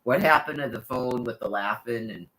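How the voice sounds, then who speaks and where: A man's voice: mid-range voice, normal speed, bright, forceful tone, rough recording. A man telling a long, rambling story in casual chat, cursing freely and leaning on "like" and other fillers. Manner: rambling, profane, full of fillers.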